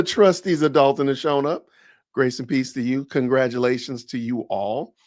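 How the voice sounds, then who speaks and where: A man's voice: medium pitch, normal speed, dry recording, clean studio sound. A man with a Southern US accent hosting a podcast livestream, talking in a chatty, rambling way that often doubles back on itself. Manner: chatty, rambling, self-correcting. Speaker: podcast host. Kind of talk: casual livestream talk.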